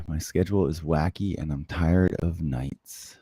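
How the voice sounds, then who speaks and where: A man hosting a casual livestream, chatting softly and closely into the microphone as he answers viewer comments. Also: a bass voice, a little slow, husky, dry recording. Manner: soft-spoken, close to the mic. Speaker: livestream host.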